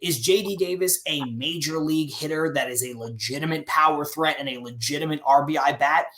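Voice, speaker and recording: A man's voice: a little high, fairly quick, a bit bright, a little hiss or hum. A man hosting a live stream, chatting casually and opinionated, with many restarts, reading viewer comments aloud. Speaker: show host.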